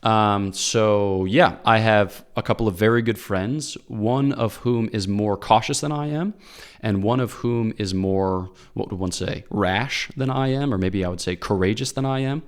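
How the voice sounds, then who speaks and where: Man, priest, lowish voice, casual advice talk, earnest, frequent check-ins. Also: a little slow, clear, resonant tone. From Pennsylvania, USA. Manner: earnest, lively explainer, frequent "okay?" and "all right?" check-ins.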